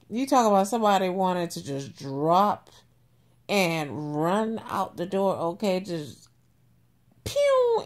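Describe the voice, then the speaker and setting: A woman vlogger, telling a story to her viewers in a casual, animated way and swearing freely. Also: medium pitch.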